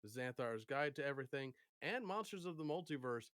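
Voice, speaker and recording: A man co-hosting a casual podcast and game master, talking in a relaxed way with many fillers. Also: mid-range voice, fairly quick, no echo. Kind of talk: casual chat about tabletop games.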